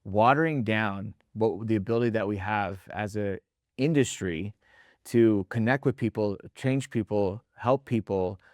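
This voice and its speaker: A man talking casually in a podcast conversation, telling animated stories, acting out quotes and tagging his points with "right?", with some mild swearing. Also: fairly low pitch, unhurried, no echo, clean studio sound. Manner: animated storyteller, acts out quotes, tags lines with "right?". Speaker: restaurant leadership founder and host.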